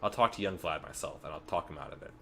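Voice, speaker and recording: A man's voice: extremely low pitch, fast talker, gravelly, pushed and bright, slight background noise, exaggerated voice. A man reading aloud the lines of an earnest, troubled young male doctor in a game. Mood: urgent. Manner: reads game dialogue aloud, urgent.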